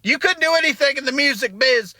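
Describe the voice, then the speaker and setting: A man's voice: very high-pitched, lively intonation, fast, sharp tone, no echo, heavily acted. A comedian playing an indignant man ranting about a restaurant. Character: angry Southern male restaurant regular. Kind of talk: comic monologue.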